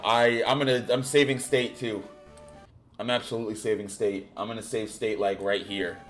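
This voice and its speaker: A man's voice: fairly low pitch, normal speed. Guy streaming a game, chatting loose, kinda rambly, bit of music behind him. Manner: musing, trails off, then bursts into loud excitement. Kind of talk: casual game commentary.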